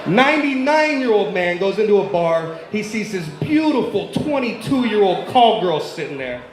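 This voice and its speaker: Male stand-up comic, high-pitched, rapid-fire joke teller, roomy club sound. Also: very animated, slight background noise. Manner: rapid-fire punchline delivery, ribbing the audience. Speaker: stand-up comedian.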